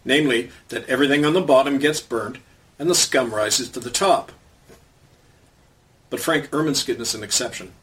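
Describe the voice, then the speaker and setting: A man's voice: medium pitch, normal speed, pauses often, distant mic. A man from Canada reading his own commentary column aloud in an emphatic, sardonic way.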